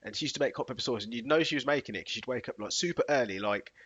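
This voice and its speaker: A man's voice: mid-range voice, very fast, a bit bright, a little hiss or hum. A man co-hosting a casual chat, trading easygoing banter and laughing often. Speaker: podcast co-host. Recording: muffled lo-fi recording.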